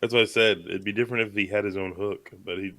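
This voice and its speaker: A man's voice: on the low side, fairly even intonation, fast, sharp tone. A man co-hosting a movie podcast, chatting casually, rambling and joking with lots of fillers. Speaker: podcast co-host. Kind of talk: casual chat.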